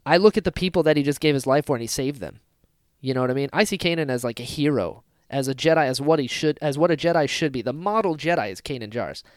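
A man co-hosting a casual fan podcast, talking excitedly and acting out scenes with sudden loud bursts. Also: a little high, fast talker, dry recording, clean studio sound. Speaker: podcast co-host.

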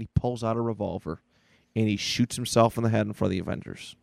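A man's voice: on the low side, steady tone, fast talker, creaky, a little mellow, dry recording. A man co-hosting a casual podcast, enthusiastically retelling an old comic book aloud. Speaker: podcast co-host. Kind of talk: casual chat.

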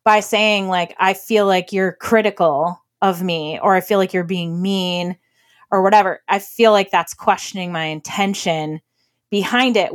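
A woman co-hosting a podcast, giving relationship advice in casual chat with an earnest, emphatic manner and quick laughs. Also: fairly low pitch. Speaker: podcast co-host.

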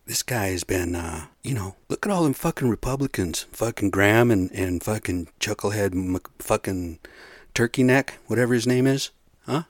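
Man, podcast host, profane rambling rant, lowish voice, dry close sound. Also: animated, moderate pace, dry recording. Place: bedroom.

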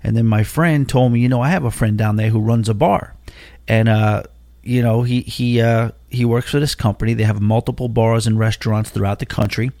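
A man's voice: mid-range voice, fairly even intonation, brisk, dark tone, dry recording. A man, hosting a podcast and telling a long personal story in a casual, rambling way, full of asides and fillers. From Long Island, New York. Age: 40s. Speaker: podcast host.

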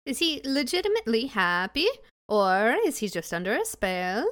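A woman playing a tabletop game, talking persuasively and quickly in character. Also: fairly high pitch, sing-song, a bit bright, no echo, clean studio sound. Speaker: player. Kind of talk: tabletop role-play.

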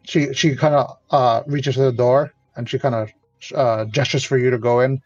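A man's voice: mid-range voice, steady tone, normal speed, a little mellow, no room sound, soft background music. A man narrating as game master, easygoing with frequent fillers, on dull lo-fi audio. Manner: laughs often, hesitant fillers.

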